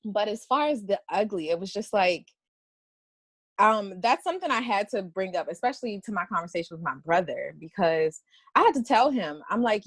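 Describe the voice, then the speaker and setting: A woman's voice: medium pitch, expressive, moderate pace, no echo. Candid woman guest, dry close sound. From Washington, D.C. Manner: candid, rambling, with frequent laughs and restarts. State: tearful at times. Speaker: poet and guest. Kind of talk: emotional interview conversation.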